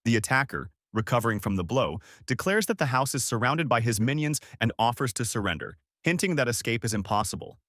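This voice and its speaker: A man reading scripted narration as he recaps a comic story, in a steady storytelling manner. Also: mid-range voice, a little fast, hardly any pauses, no room sound, clean studio sound.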